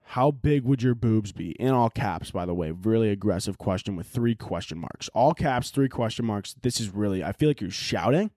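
A man's voice: medium pitch, warm tone, no room sound, clean studio sound. A young man hosting a podcast on his own, rambling and joking with a lot of swearing in casual chat. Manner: profane, rambling, jokey. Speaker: podcast host.

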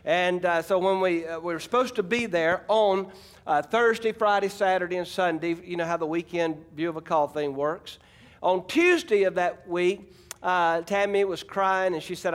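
A man's voice: sits high, normal speed. A middle-aged man from Arkansas, preaching a folksy, emphatic sermon and calling out to his congregation. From Arkansas, USA. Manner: folksy, emphatic preaching with audience call-outs. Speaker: pastor.

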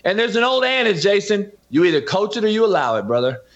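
A middle-aged man speaks as a guest with an emphatic, insistent delivery, his voice sitting somewhat high. The audio is muffled and lo-fi, as if run through a cheap line. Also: sing-song, fast, fairly bright tone. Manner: emphatic, repeatedly addresses the host by name. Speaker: football coach and podcast host, guest. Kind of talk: impassioned interview talk. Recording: dull lo-fi audio.

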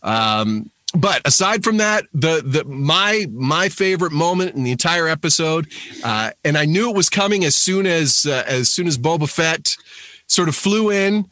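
A man speaks casually on a podcast, his tone bright and forward. He rambles eagerly, often circling back to restart a thought. The sound is close and dry. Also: a little high, expressive, moderate pace, no room sound. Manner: rambling and enthusiastic, frequent restarts. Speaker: podcast panelist.

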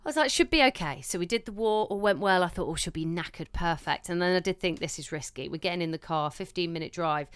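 A woman's voice: on the low side, fast talker, hardly any pauses, smooth, no echo. A woman in her thirties, co-hosting a casual chat and telling everyday stories with casual swearing, acting out what she said to people. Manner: chatty storyteller who swears and acts out her own quotes. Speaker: podcast co-host.

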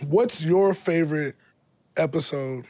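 Guy guesting on a podcast, pretty high voice, dry close sound, chill and slangy. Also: measured pace, no room sound. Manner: relaxed and slangy, repeating fillers like "you know". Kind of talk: casual chat. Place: podcast studio.

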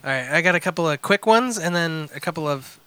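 A man's voice: fairly high pitch, animated, quick pace, pushed and bright, clear, resonant tone, no echo. A man co-hosting a casual comedy podcast, reading ads aloud in a joking manner. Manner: reads ads aloud in joking put-on accents.

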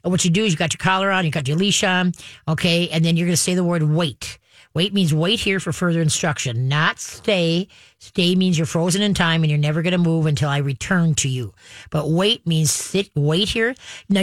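A woman's voice: fairly low pitch, no room sound. A woman hosting a radio show as a dog trainer, giving step-by-step coaching, often checking in with "okay" and "all right". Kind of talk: instructive radio advice.

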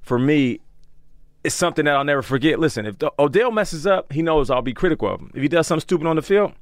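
A man telling stories as a podcast guest in a studio, animated and acting out the voices of the people he quotes. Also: on the high side, fast talker, no room sound. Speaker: podcast guest, former football player. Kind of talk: casual storytelling.

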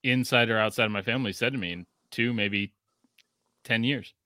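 Bright-voiced joking podcast host man. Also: medium pitch, brisk, no room sound, clean studio sound. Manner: joking, profane, animated. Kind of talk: casual podcast chat, reading a listener review.

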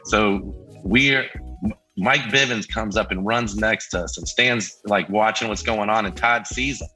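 A man's voice: on the low side, measured pace, slightly rough, faint music behind, low-quality recording. A middle-aged man telling a story in casual chat, acting out the voices of the people he quotes. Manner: lively, acts out quoted voices. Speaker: band member guest.

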